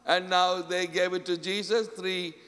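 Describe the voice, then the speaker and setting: High-voiced preacher in a reverberant hall. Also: male voice, little pitch movement, a little slow. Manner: call-and-response, repeats "Amen?" often; acts out quoted voices, swinging from loud to soft. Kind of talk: sermon.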